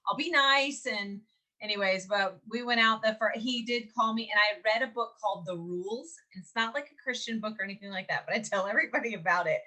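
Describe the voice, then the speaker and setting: A woman in her forties from Mississippi, co-hosting a podcast and telling a story in a lively, chatty way, laughing often and acting out what people said. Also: medium pitch, fast. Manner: animated, laughs often, acts out quotes. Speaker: podcast co-host. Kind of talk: casual storytelling chat.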